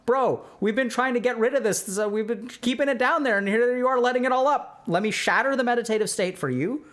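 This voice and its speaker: A man's voice: very high voice, a little fast, a bit bright, pitched above the performer's own voice. A man voicing his own panicked inner mind, whining and insisting it keep buried feelings down. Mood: pleading. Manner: whiny, insistent, slangy.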